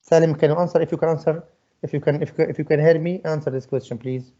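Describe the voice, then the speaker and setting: A man's voice: a little high, steady tone, fast talker, mellow, dull audio. A male English teacher leading an online class, patiently repeating his questions to students. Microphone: video call.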